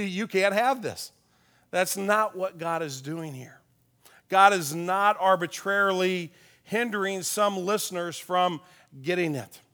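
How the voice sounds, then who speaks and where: High voiced pastor guy, chatty sermon, tells stories, goes soft and quiet on the big points. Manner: folksy, tells personal stories with chuckles. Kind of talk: conversational sermon.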